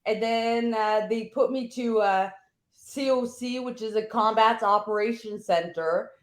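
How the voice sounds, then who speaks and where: Talkative woman podcast host, highish voice, roomy echoey sound. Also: measured pace. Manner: chatty, explains with many restarts. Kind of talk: casual conversation. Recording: roomy echo.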